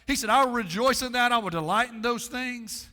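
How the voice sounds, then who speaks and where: Male pastor, sermon, repetitive call-and-response cadence, bright ringing tone, reverberant sanctuary. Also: very high voice. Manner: preaching with dramatic pauses and repetition. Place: church sanctuary.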